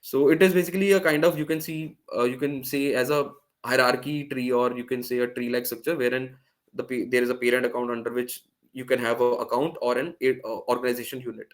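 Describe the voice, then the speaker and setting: A man's voice: medium pitch, steady tone, quick pace. A man presenting a live online workshop, explaining step by step with frequent fillers and restarts over a video call. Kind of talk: live screen-share tech demo.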